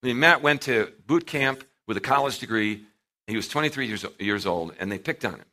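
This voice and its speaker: Middle-aged male preacher, bright lively delivery, storytelling sermon with animated volume swings. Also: mid-range voice, a little fast. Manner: animated storytelling, acting out quotes with big swings in loudness.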